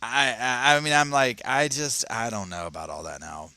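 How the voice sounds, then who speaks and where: A man hosting a casual commentary channel, talking and reading an article aloud in a chatty, animated way, often stammering and restarting. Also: medium pitch, normal speed, no room sound. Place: home, at his computer.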